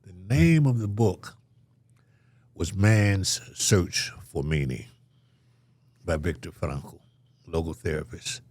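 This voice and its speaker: A man's voice: low-pitched, slow pace, pauses often, darkish tone, dry recording. An older man telling a story as an interview guest, acting out the voices of the people in it.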